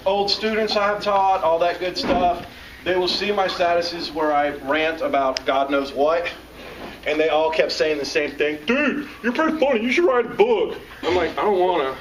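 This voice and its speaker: A Southern American man, an author and teacher, tells jokes and stories to a live audience as an animated, joking storyteller. His voice is high-pitched and his speed normal. A distant mic picks him up among the audience, with a little hiss or hum.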